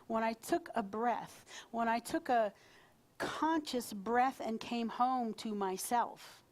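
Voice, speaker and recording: Speaking slowly in a slightly high voice, a woman minister gives a live sermon before her congregation at a spiritual center. She keeps it conversational and playful, tossing asides to the crowd.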